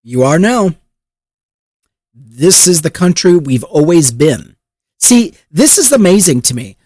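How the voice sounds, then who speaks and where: A man's voice: on the high side, sing-song, unhurried, a little mellow, no room sound, studio quality. A man reacting to a clip with sarcastic, profane commentary. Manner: mocking, profane.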